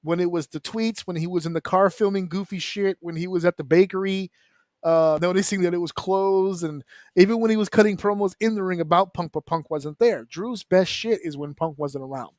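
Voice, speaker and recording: A man on a wrestling round-table show, talking casually and bluntly, swearing freely and breaking into quick mimicry of the people he discusses. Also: sits high, no echo, studio quality. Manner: animated, profane, mimics wrestlers in quick asides. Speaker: wrestling podcast panelist.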